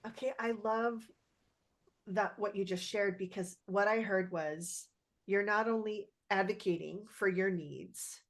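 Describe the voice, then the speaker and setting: A woman's voice: mid-range voice, steady tone, measured pace. A woman in a reflective podcast conversation who affirms the other speaker and reflects back what she hears.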